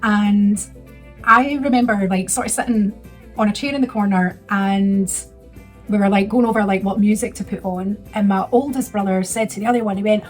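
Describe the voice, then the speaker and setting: A woman's voice: mid-range voice, fairly even intonation, normal speed, faint music behind. Chatty woman telling a story. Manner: chatty, rambling, emotional storyteller. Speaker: vlogger. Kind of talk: casual storytelling.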